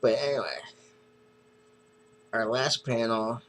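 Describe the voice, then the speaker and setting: A man's voice: medium pitch, slow pace, fairly bright tone, a little hiss or hum, rough recording. A man casually reviewing a comic book, retelling the story in a rambling, hesitant way.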